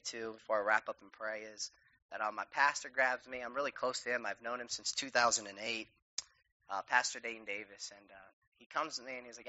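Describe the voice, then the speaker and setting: A bright, forceful male voice talks with easy enthusiasm, often calling listeners "man" or "dude" between laughs. He then moves into a heartfelt spoken prayer before the congregation. The recording is dull and lo-fi. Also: on the low side. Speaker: guest speaker. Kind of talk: casual talk and spoken prayer.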